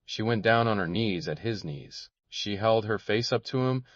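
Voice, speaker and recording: Deep-voiced male audiobook narrator. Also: normal speed, no room sound. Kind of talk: scripted narration. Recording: dull, dry recording.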